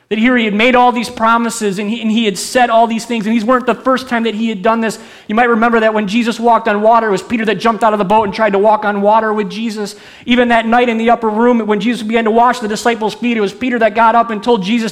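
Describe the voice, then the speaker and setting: A middle-aged male pastor giving an animated, conversational sermon, often putting questions to the congregation. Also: high-pitched, a little fast.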